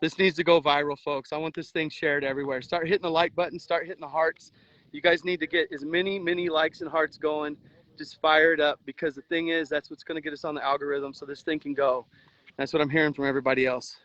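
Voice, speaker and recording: A man's voice: fairly high pitch, flat delivery, quick pace, a bit bright, lo-fi sound. An exhausted man livestreaming outdoors by a river, talking in an urgent, earnest, rambling way with restarts. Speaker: livestream host, veteran volunteer. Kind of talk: emotional outdoor livestream commentary. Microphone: phone livestream.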